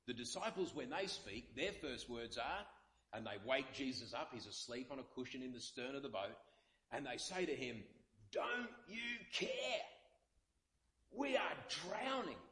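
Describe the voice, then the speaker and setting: A man's voice: medium pitch, expressive, normal speed, fairly bright tone, echoey room. A male pastor, possibly, delivering an earnest sermon with many repeated phrases. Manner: earnest, repetitive preaching with dramatic quotes.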